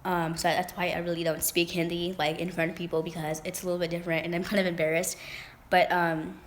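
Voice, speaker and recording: A young woman chatting straight to camera in a loose storytime vlog, circling back and restarting her sentences. Her voice sits a little low for a woman. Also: flat delivery, quick pace, a little hiss or hum. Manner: rambling, with many fillers and restarts. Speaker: vlogger. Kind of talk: casual storytime chat.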